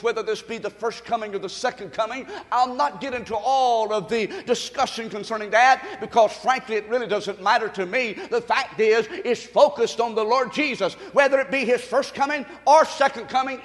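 A man preaching a sermon, leading the congregation to repeat after him and building to shouts. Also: extremely high pitch, moderate pace, hardly any pauses. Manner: call-and-response preaching, rising to shouts. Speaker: pastor. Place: church sanctuary. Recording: long reverb of a church hall.

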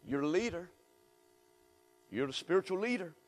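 A male pastor preaching a sermon in a church, with call-and-response and rising shouts. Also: high voice, expressive, normal speed, long reverb tail. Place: church sanctuary.

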